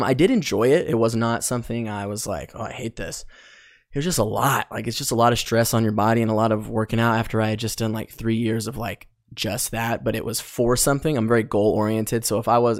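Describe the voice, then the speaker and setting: A man's voice: mid-range voice, no room sound, studio quality. A young adult man hosting his own podcast, talking casually in a loose, rambling way full of ums and likes. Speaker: podcast host. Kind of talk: casual solo podcast monologue.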